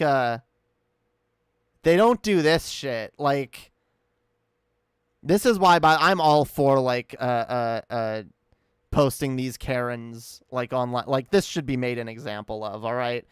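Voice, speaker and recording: A man's voice: a little high, clean tone, no room sound, clean studio sound. A man giving casual, profane reaction commentary on a video, incredulous and rambling. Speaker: commentary streamer.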